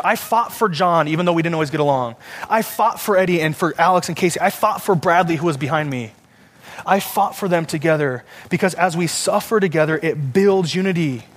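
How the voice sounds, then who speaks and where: A man's voice: fairly high pitch, fairly bright tone. A young adult man, a student pastor, preaching a sermon with earnest, personal storytelling.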